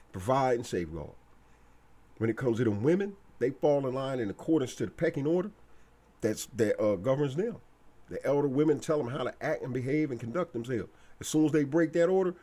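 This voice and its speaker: A man's voice: medium pitch, warm tone. A man delivering a blunt, repetitive, slangy preachy monologue as a commentator.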